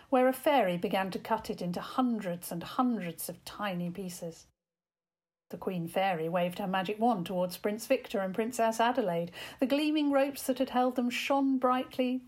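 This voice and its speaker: A woman narrating a children's story aloud, gently and expressively. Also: mid-range voice, moderate pace.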